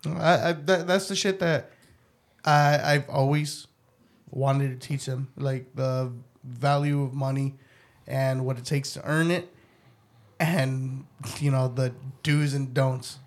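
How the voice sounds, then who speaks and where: A man's voice: mid-range voice, steady tone, slow. A man in his thirties telling stories in casual chat, blunt and profane, often restarting his sentences.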